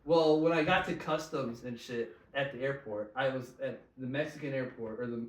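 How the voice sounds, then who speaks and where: A podcast guest casually tells a long story in slangy talk, laughing often and swearing freely. His mid-range voice moves at normal speed, but he's a bit off-mic and the room is echoey.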